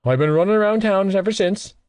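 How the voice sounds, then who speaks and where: A man voicing a drunk, boisterous young rugby player who talks loud and overeager. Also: high voice, fast talker, clean tone, no echo, studio quality, pitched above the performer's own voice, lightly acted. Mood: earnest.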